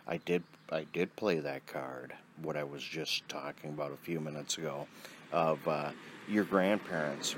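A man's voice: extremely low pitch, steady tone, normal speed, gravelly, fairly bright tone, a little hiss or hum. A man ranting bluntly in a profane monologue, recorded outdoors beside a road with cars passing. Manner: blunt, combative, swears constantly. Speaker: vlogger.

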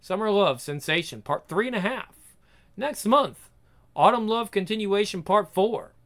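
A reader reading an absurd comic aloud, playful and deadpan. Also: mid-range voice, unhurried.

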